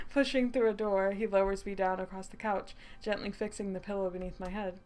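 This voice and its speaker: A woman's voice: medium pitch, steady tone, brisk, few pauses. Giggly woman streamer reading a game aloud. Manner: giggly, self-mocking asides. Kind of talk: game playthrough with read-aloud narration.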